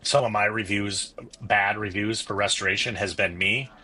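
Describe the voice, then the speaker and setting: Deep husky-voiced man telling stories. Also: fairly even intonation, moderate pace, bright, forceful tone. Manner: candid, storytelling, self-critical. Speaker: podcast guest, business owner. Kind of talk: casual conversational interview.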